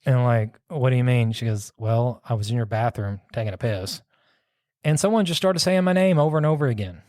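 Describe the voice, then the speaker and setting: A man's voice: medium pitch, brisk, darkish tone, no room sound, clean studio sound. A man casually telling a long ghost story, rambling and circling back with "so anyways.". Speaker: podcast host telling a story.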